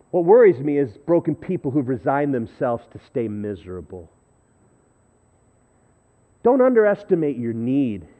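A man preaching a sermon, telling a story in a conversational, self-deprecating way and swinging between loud and hushed. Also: medium pitch. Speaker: pastor. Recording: thin phone-like audio.

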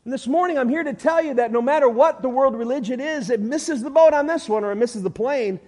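A man preaching a sermon with emphatic delivery, swinging from loud declarations to hushed lines, with everyday illustrations and humor. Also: very high-pitched, a little fast.

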